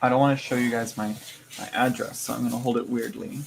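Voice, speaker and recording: A man talks loosely to his viewers while he unpacks a parcel, with frequent fillers and quick asides. His voice sits in a middle pitch. A faint hum of room noise runs under it. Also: steady tone, vocal fry. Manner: chatty, rambling, lots of fillers and laughs. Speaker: tarot reader unboxing a haul. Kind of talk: casual chat to live viewers.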